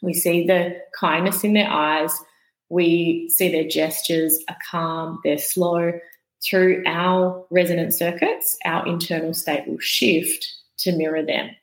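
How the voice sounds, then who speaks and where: A woman's voice: lowish voice, flat delivery, slow pace, echoey room, poor audio. A woman guest on a podcast, patiently explaining ideas and sometimes demonstrating how voices sound. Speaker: podcast guest, vagus nerve educator.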